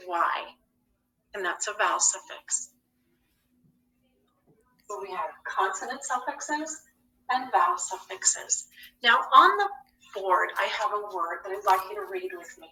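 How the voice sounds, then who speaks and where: A woman's voice: mid-range voice, pushed and bright, far from the mic. A woman teaching a phonics lesson to young children. She speaks patiently, asking questions and answering them herself. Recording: echoey classroom, voice from off the mic.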